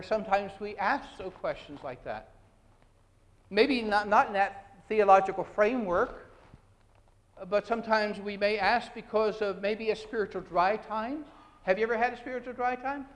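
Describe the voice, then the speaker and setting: A man preaching a sermon as pastor, earnest, with frequent restarts and rising emphasis. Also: high voice. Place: church sanctuary. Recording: long hall reverb.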